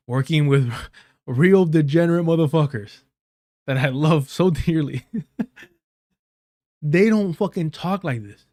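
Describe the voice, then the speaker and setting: A man's voice: on the high side, darkish tone, no room sound, studio quality. A man hosting a live stream, giving angry, repetitive commentary on a clip, swearing often. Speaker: live stream host reacting to clips.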